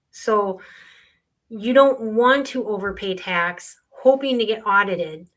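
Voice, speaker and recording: A woman's voice: a little high, takes it slowly, a bit bright. A middle-aged woman, a sales tax consultant, explaining earnestly with client stories in a podcast conversation.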